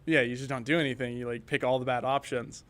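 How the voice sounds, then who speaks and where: A man's voice: medium pitch, fast talker. Laid-back young man telling stories. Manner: relaxed storyteller who laughs easily. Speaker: student on a class game project. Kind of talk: casual panel chat.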